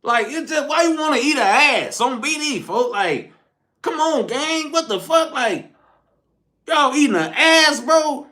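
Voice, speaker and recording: A man's voice: extremely high pitch, lively intonation, measured pace, pushed and bright. A man streaming a casual, profane rant, rambling in slang and calling his listeners "folk" and "bro". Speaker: streamer hosting a morning smoke session.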